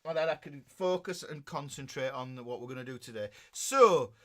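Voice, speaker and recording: Chatty man, bright voice. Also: medium pitch, moderate pace. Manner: chatty, rambling, reads out viewer comments. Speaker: guitar teacher. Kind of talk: casual livestream chat.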